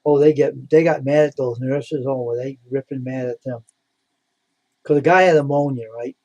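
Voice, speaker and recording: A man's voice: mid-range voice, steady tone, moderate pace, darkish tone, no room sound, highs cut off. A man chatting casually on a live stream. He tells blunt, rambling stories and repeats himself. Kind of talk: casual chat.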